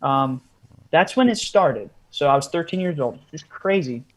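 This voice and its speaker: A man's voice: a little high, lively intonation, normal speed. A man, a podcast guest, telling a long story in a casual interview style with frequent asides.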